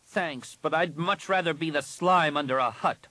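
A man's voice: a little high, big pitch swings, a little slow, husky, dry recording, voice pushed up, heavily acted. A man doing a defiant young heroine. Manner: sharp and defiant. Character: young defiant human woman warrior. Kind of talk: audiobook reading.

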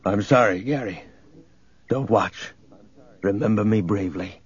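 A man voicing a dignified older uncle in an audiobook, calm and solemn. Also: on the low side, a little slow, slightly rough, lo-fi sound.

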